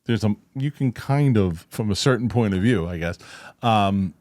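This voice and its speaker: A man's voice: lowish voice, expressive, normal speed, darkish tone, dry recording. A man hosting a casual film review chat, rambling with restarts and acting out movie lines. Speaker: host.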